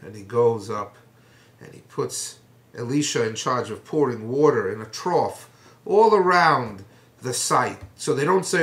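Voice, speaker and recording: A man teaching a Bible passage as a lively, colloquial story with dramatic flair. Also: mid-range voice, a little slow. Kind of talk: storytelling lesson. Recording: echoey room.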